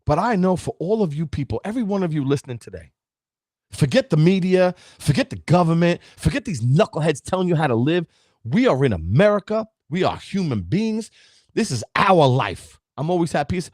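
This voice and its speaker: A man's voice: a little high, very animated, a little fast, darkish tone, no room sound, clean studio sound. A man, giving an emphatic, preachy motivational talk as a podcast host and speaking straight to his listeners. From Brooklyn, New York. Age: 50s.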